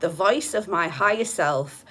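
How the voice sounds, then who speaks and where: A woman's voice: on the low side, unhurried, a bit bright, breathy edge. A woman with a light Hull accent giving a casual tarot reading to camera, chatty and blunt, swearing casually. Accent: light Hull, East Yorkshire. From Hull, East Yorkshire. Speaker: tarot reader.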